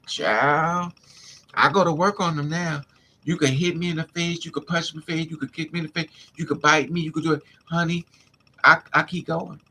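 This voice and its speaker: A man's voice: on the high side, steady tone, a little fast, pushed and bright, slight background noise. A man livestreaming, telling a candid personal story in an emphatic, casual way and calling his listeners honey and child. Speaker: livestream host.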